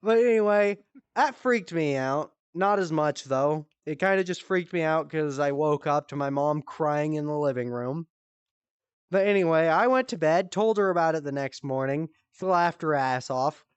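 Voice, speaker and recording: Animated swearing woman telling a story. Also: moderate pace, clean tone, no echo, lo-fi sound. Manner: animated, swearing freely, jumps into high voices for quotes. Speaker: comedy show host. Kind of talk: casual storytelling. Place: virtual-world live stream.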